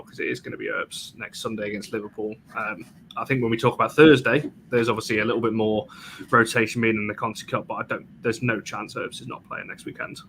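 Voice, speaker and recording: A man's voice: on the low side, gravelly, pushed and bright, slight background noise. A man hosting a fan panel in chatty casual talk, often restarting his phrases. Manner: chatty, halting, frequent restarts. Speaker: host. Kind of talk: casual chat.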